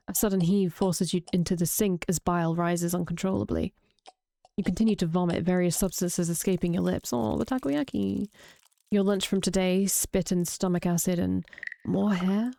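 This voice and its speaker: A woman reading a horror visual novel aloud, drawing out the grisly parts slowly with brief reactions. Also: on the low side, level tone, dark tone. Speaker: streamer reading a game aloud.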